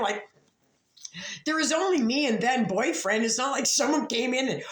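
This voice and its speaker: A woman's voice: fairly high pitch, animated, moderate pace. Profane rambling woman in echoey room. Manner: profane, rambling, with frequent restarts. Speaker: YouTube commentator. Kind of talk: casual rambling commentary.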